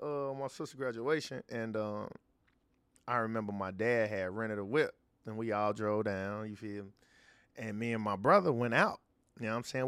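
A man's voice: medium pitch, a bit bright, dry recording. A man from Chicago telling a story in a laid-back, slangy way, full of casual fillers. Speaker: podcast co-host.

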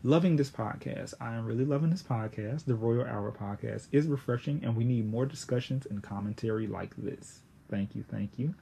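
A young man in his late twenties hosting a podcast, chatting casually in a slangy, animated way with sudden high exclamations. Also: normal speed, vocal fry, few pauses, a little hiss or hum. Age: 20s; young adult. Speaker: podcast host.

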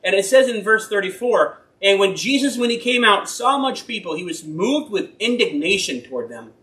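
A man with a notably high voice preaches an informal sermon in an echoing church hall. He reads scripture, then slips into personal stories. His delivery is folksy, earnest and rambling, and he often stops to correct himself. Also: animated, normal speed, pushed and bright. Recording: roomy echo.

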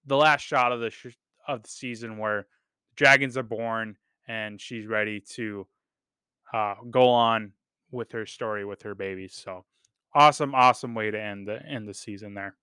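A man's voice: on the low side, steady tone, normal speed, sharp tone, clean tone, no room sound, clean studio sound. A man hosting a podcast, talking casually and enthusiastically, swearing freely with lots of ums and repeated words. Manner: enthusiastic, profane, with frequent fillers and repeats. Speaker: podcast host reviewing a TV series. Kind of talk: casual unscripted review talk.

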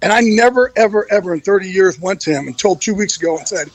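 A man's voice: sits high, fast, low-quality recording. A man speaking as a podcast guest, candid and emotional, swearing freely. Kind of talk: casual podcast interview.

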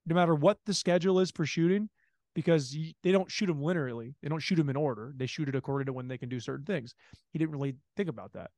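A man's voice: on the high side, quick pace, a little mellow, no echo. A man co-hosting a podcast, chatting casually and animatedly about a movie, swearing and mimicking the people he talks about. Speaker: podcast co-host.

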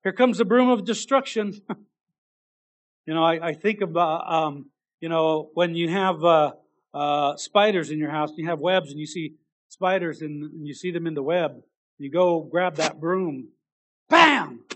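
Man, high voice, sermon, earnest, halting restarts, emphatic bursts. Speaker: preacher.

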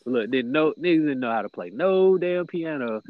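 A man's voice: expressive, normal speed, narrow, tinny audio, crowd noise. Laughing man telling stories with friends. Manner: laughing storyteller, slips into high squeaky voices for imitations. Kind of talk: casual chat among friends.

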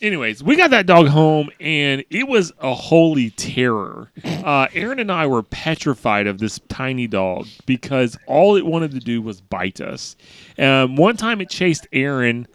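A man's voice: a little high, sing-song, measured pace, a bit bright. A man casually telling a childhood story among friends, joking and loose. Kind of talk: casual podcast chat.

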